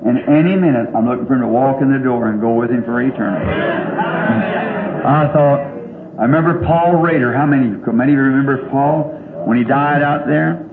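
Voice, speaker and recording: An older man with a medium-pitched voice preaches a little fast, telling folksy, rambling stories and often chuckling, with crowd noise audible. The setting is a large church hall, and the tinny old recording echoes with a faint hiss.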